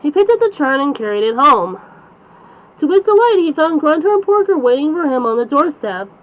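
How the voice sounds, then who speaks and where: A woman's voice: sits high, sing-song, fairly quick. A woman reading a children's bedtime story aloud as the channel's storyteller. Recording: slightly dull lo-fi recording.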